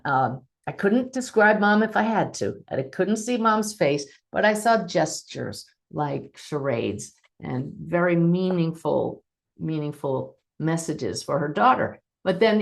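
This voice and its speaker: Low-voiced woman telling stories as a medium. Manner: warm, enthusiastic storytelling, acting out quotes. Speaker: medium and host. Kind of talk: teaching talk to an online audience.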